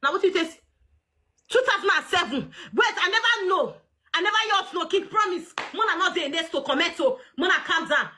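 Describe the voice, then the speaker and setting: Loud high-voiced Nigerian Pidgin woman. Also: expressive, brisk, slight background noise. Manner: loud, mocking, often laughing and shouting. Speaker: livestream host. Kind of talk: casual livestream chat.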